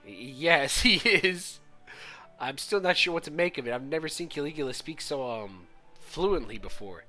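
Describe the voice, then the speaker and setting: A male streamer reacts live to a story game, loud and incredulous, cursing and laughing between lines. His pitch swings widely and his tone is bright and forceful. Soft music plays faintly behind him. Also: animated, normal speed.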